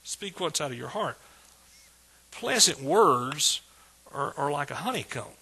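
A middle-aged man preaches with exuberant energy, repeating his points and calling out praise. His voice is bright and forceful, with a husky edge, and sits a little high for a man. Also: big pitch swings, measured pace. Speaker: pastor. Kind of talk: sermon.

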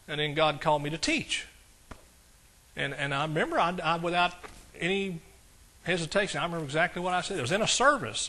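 A man preaches a testimony from the pulpit, sounding folksy one moment and fervent the next. His voice sits on the higher side for a man. Its tone is bright and forceful. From East Texas. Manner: folksy storytelling that builds to fervent exclamations. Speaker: pastor. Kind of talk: sermon testimony. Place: church service.

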